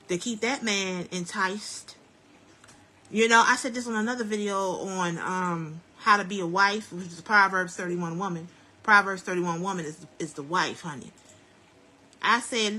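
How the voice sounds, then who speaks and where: Woman going live on her phone while doing hair, bright husky voice, chatty and preachy, real down to earth. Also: medium pitch. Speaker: live-stream host. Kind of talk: casual live-stream advice talk. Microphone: phone live stream.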